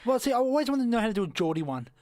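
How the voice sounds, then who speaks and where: High-pitched Australian host, deadpan joker. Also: male voice, very fast, no echo. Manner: deadpan jokey, teasing. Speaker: podcast host. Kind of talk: casual podcast chat.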